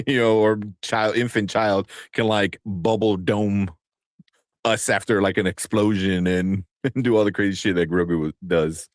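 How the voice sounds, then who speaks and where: A man in his thirties co-hosting a casual movie news stream, telling family stories and acting out quotes in a high voice. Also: fairly even intonation, measured pace, no echo, clean studio sound. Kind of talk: casual chat.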